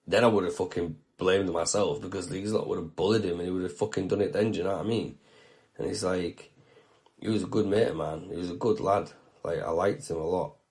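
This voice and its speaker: Young guy telling a story, low-ish voice, swears a lot, keeps saying "you know what i mean". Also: darkish tone. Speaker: video show host. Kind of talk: casual storytelling monologue.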